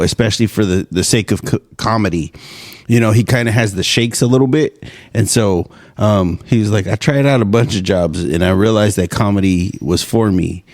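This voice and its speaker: Podcast guy, lowish voice, animated and laughy retelling jokes. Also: no echo, studio quality. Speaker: podcast co-host. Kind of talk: casual chat.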